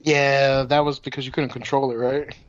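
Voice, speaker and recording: A man's voice: mid-range voice, level tone, normal speed, no room sound. A man in casual podcast chat, blunt and swearing freely. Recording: dull lo-fi audio with faint noise.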